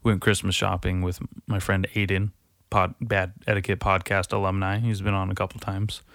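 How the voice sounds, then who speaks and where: A young man in his twenties talks alone into the mic like a late-night podcast host, rambling and confessional, with plenty of swearing and filler words. His voice sits on the low side for a man. The sound is dry and close, with no room echo. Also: flat delivery, moderate pace, gravelly, a bit bright. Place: darkened room lit by Halloween lights.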